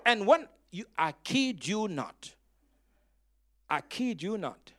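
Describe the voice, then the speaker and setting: A male pastor with a high voice preaches with dramatic force, breaking into loud emphatic bursts. His pitch swings widely as he tells stories with a touch of humor and urges the congregation to answer back. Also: very animated, slow pace. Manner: storytelling with humor. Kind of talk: sermon.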